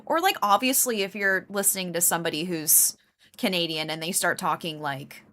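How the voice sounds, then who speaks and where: Chatting with her audience at a normal speed, this woman streamer has a fairly low voice that sounds pushed and bright. She rambles, leans on fillers, laughs a lot, and greets viewers while answering their messages.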